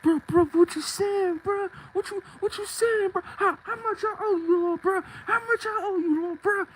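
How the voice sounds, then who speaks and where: A man voicing a panicked street guy who pleads frantically in a cracking high voice and keeps repeating himself. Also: normal speed, a little hiss or hum, poor audio.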